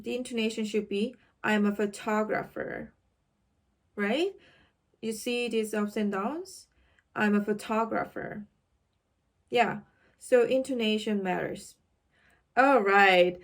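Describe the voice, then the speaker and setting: Woman exam tutor; unhurried, careful teaching delivery on the high side, checks in with viewers often. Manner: slow, clear, instructive, with tag questions. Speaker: IELTS tutor. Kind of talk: teaching to camera.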